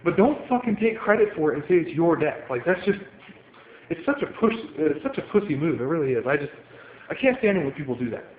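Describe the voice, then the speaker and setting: High-voiced guy pacing and venting at home, heated and cussing, tinny phone-ish sound. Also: sing-song, quick pace. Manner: heated, profane, paces while talking. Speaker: card game player venting on video. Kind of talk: angry ranting monologue. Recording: tinny phone-like audio with room echo and faint hiss.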